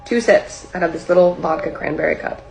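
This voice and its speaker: Woman, slightly low, gravelly voice; loose, rambling storyteller full of "like", with faint music underneath. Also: a little fast, darkish tone, rough recording. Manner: rambling, heavy use of filler "like", acts out her own past lines. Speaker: singer telling a personal story.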